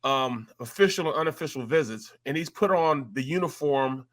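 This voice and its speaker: A man's voice: mid-range voice, lively intonation, moderate pace, a bit bright. A man from St. Louis hosting casual sports talk, laid-back and rambling. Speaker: host.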